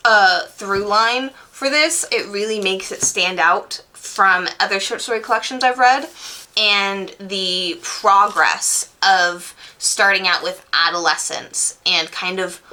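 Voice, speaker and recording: Woman, young adult, casual book vlog, enthusiastic, swears freely, crisp bright tone, mid-pitched. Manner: candid and enthusiastic, swears casually, many fillers. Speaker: book reviewer.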